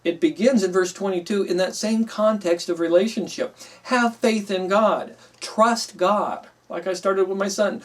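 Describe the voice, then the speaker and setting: A man's voice: high voice, unhurried, distant mic. A middle-aged man teaching a Bible class in a conversational way, with frequent fillers and an emphatic voice when he quotes himself. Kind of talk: classroom teaching, explaining with a story.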